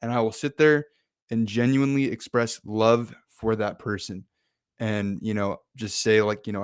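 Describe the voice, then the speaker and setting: Laid-back, chatty man with a smooth voice. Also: lowish voice, flat delivery, moderate pace, no room sound, clean studio sound. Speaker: host. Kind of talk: casual motivational talk.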